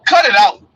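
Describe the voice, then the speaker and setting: A man's voice: pushed and bright, no echo, poor audio. Blunt mocking man talking from a car. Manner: blunt, mocking, laughs often. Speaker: commentary show host. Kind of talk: casual live commentary. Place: in a car, in transit.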